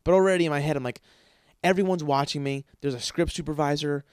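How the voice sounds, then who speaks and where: A man's voice: fairly high pitch, fast, darkish tone, smooth, dry recording, clean studio sound. A man hosting a podcast, telling a long story casually with lots of swearing and fillers, acting out the lines of the people in it. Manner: profane, rambling, filler-heavy; acts out quoted dialogue. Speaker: podcast host.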